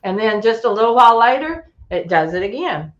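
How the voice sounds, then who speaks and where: A woman guest telling a camping story in a casual, animated way, acting out other people's voices and chuckling as she goes. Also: a little high, a little fast, muffled recording. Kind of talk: casual storytelling on a call-in show.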